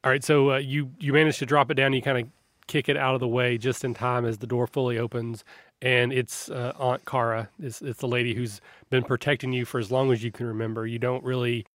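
A man narrating a tabletop role-playing game as game master, describing scenes in a relaxed, rambling way. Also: mid-range voice, brisk, no echo, clean studio sound. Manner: descriptive, relaxed, with frequent restarts.

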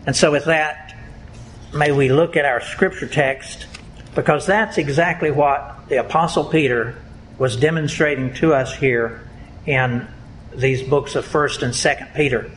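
A man preaching a sermon as pastor, in a deliberate, emphatic way. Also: medium pitch, fairly even intonation, fairly bright tone, a little hiss or hum, rough recording. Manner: slow, deliberate, emphatic delivery.

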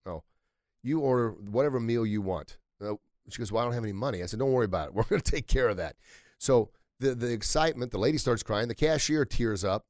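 A middle-aged man telling motivational stories to his listeners, swinging from easy chat up to loud, emphatic high points. His voice sits at an ordinary pitch for a man. The sound is dry and close, with no room around it. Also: fast, dry recording. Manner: energetic storytelling, rising to loud emphatic peaks. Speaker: podcast host. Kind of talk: motivational solo podcast talk.

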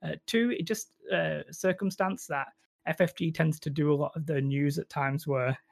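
A man's voice: fairly high pitch, steady tone, moderate pace, creaky, dry recording. A man with a Northern English accent, chatting casually as a podcast guest in a rambling, self-deprecating way. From Northern England. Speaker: guest YouTuber.

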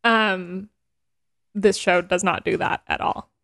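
A woman's voice: medium pitch, fairly even intonation, takes it slowly, vocal fry, a bit bright. A woman co-hosting a podcast in casual chat, retelling scenes animatedly and laughing as she talks. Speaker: podcast co-host.

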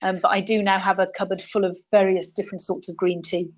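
A woman's voice: medium pitch, level tone, fast. A woman co-hosting a podcast, talking things through in a thoughtful, rambling way with many fillers. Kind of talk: casual chat. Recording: dull lo-fi audio.

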